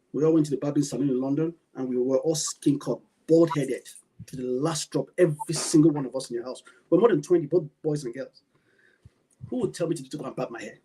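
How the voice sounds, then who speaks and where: A man's voice: on the high side, mellow, slight background noise, poor audio. A Nigerian man calling in to a talk show. He gives emphatic opinion commentary, piles up rhetorical questions and repeats his key phrases. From Nigeria, Edo State. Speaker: caller.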